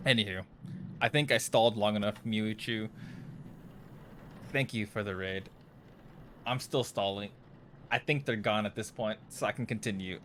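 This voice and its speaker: A man's voice: fairly low pitch, normal speed, pauses often, fairly bright tone, slight background noise. A young man casually chatting to viewers while playing a horror game live, jittery and nervous, often trailing off into mumbles. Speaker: livestreamer.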